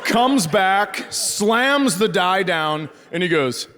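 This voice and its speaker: A man's voice: high-pitched, takes it slowly. A man from rural Minnesota doing a stand-up comedy set, telling stories and acting out the voices of people in them. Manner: animated storytelling with acted-out voices. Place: large theater stage. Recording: live hall reverb with audience noise. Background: audience laughter and cheering.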